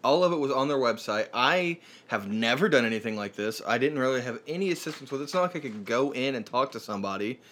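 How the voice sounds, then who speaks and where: A man's voice: mid-range voice, lively intonation, fast talker, few pauses, a bit bright. Rambling, frustrated man. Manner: rambling storytelling with many fillers and restarts. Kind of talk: casual chat.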